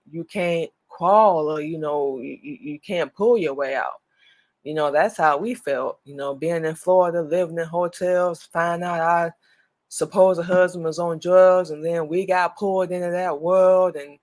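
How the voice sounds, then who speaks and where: A woman hosting a radio talk show, speaking earnestly in a casual monologue and repeating herself as she makes her point. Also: sits low.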